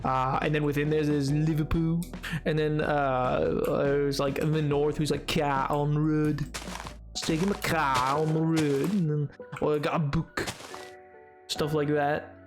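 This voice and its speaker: A man's voice: a little high, level tone, a little slow, music in the background. A young adult man chatting casually on a gameplay stream, rambling and playful, often stumbling over his words.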